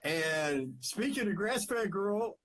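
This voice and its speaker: A man, co-hosting a podcast, relaxed and rambling as he greets viewers and tells stories. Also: high voice, slow pace. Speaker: podcast co-host. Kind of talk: casual chat on a live stream.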